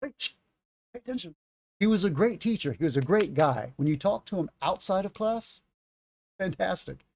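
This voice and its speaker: A man in his thirties leads a livestreamed English lesson, explaining each word in a chatty way with stories from his own life. His voice sits a little higher than most men's. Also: lively intonation, normal speed, vocal fry, a little mellow, slight background noise. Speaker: English teacher.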